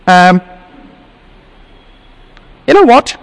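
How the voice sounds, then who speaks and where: A pastor with a high voice, still a little worn from laryngitis, prays and reads scripture in a plain, earnest way. His words ring out with a long reverb through a hall. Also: big pitch swings, moderate pace, long pauses. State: recovering from laryngitis. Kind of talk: sermon with prayer and scripture reading.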